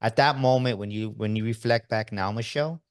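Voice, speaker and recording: A man's voice: lowish voice, brisk, clean tone. A man hosting an interview podcast who puts questions to his guest and speaks directly to the audience. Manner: addresses the audience directly, repeats words when starting. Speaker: podcast host.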